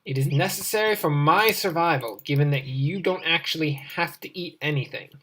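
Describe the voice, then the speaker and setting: A woman's voice: deep voice, normal speed, a bit bright, slightly rough. A woman hosting a game let's play, rambling playfully and chatting to her in-game companion as she goes. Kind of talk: casual gameplay commentary.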